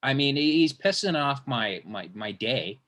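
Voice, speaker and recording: A man's voice: medium pitch, expressive, unhurried, fairly bright tone. A man hosting an interview, telling a long casual story as a stand-up comedian, rambling with many restarts and swearing freely.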